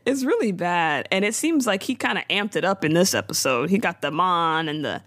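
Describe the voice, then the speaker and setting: A woman co-hosting a podcast, recapping a TV episode in casual, jokey chat with quick asides. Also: on the low side, animated, a bit bright, no room sound.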